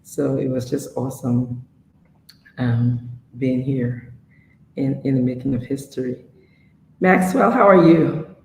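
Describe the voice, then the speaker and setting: A hoarse woman with laryngitis, a talk show guest speaking haltingly with many pauses and restarts. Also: extremely low pitch, a little mellow. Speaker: panel guest. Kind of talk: casual talk show chat. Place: room with strong acoustics. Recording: echoey room with faint background noise.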